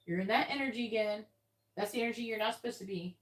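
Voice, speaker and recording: A woman's voice: a little high, fast talker. A woman giving a live-stream tarot reading in a blunt, casual manner, swearing freely. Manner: blunt, casual, swears, acts out quoted voices. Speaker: tarot reader.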